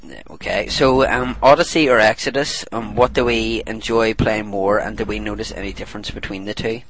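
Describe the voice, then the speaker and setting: A man's voice: fairly low pitch, fairly even intonation, fairly quick, fairly bright tone, a little hiss or hum. A man co-hosting a retro gaming podcast, teasing and laughing often in casual chat. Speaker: podcast co-host.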